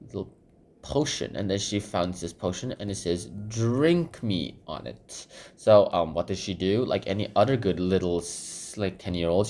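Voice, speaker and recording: Sketching as he talks, a man with a low, darkish voice gives a casual summary of a children's book. His account wanders, packed with fillers and repeated phrases, and "goes ahead" comes up again and again.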